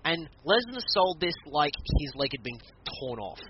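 A man recaps a wrestling match in a loose, chatty way, his pitch swinging widely as he gets into it. The sound is dull and lo-fi, with a clear bed of noise under him. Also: moderate pace. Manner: animated, laughing, acts out quotes. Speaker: wrestling podcast co-host. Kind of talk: casual chat recapping a match. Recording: muffled lo-fi recording with clear background noise.

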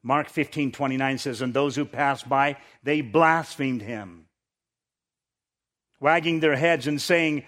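A man's voice: unhurried, fairly bright tone. Preaching man, voice rising on scripture. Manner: preaching, rises in pitch and force when reading scripture, drops low for asides; repeats words when restarting. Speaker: pastor. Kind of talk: sermon.

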